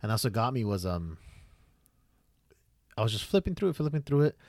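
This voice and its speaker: A man's voice: on the low side, brisk, no echo. Young guy hosting a podcast, hyped and rambly, swears a lot, dry close mic. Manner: excitable, rambling, swears freely. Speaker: podcast host. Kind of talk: casual chat.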